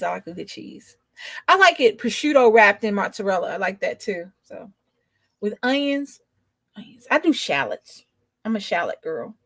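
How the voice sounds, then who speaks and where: A woman's voice: medium pitch, breathy edge, no room sound. A young adult woman rambling in casual chat, drawling and emphatic as a co-host.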